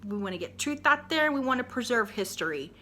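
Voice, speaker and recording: A woman's voice: on the high side, big pitch swings, quick pace, sharp tone, slight background noise. A woman paranormal investigator talking straight to camera in a blunt, exasperated, lecturing rant.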